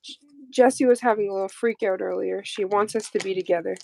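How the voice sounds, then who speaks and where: A woman co-hosting a casual chat, talking in an animated, playful way. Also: medium pitch, fast, vocal fry, a little hiss or hum. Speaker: co-host.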